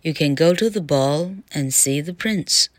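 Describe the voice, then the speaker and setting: A woman reading the lines of a kind fairy godmother slowly and clearly in a storybook lesson. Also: deep voice, no echo. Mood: kindly.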